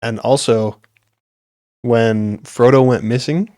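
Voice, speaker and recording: A man's voice: mid-range voice, steady tone, slow, a little mellow, no room sound. A young man hosting a podcast, rambling on earnestly in a casual chat, with many fillers. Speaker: podcast host.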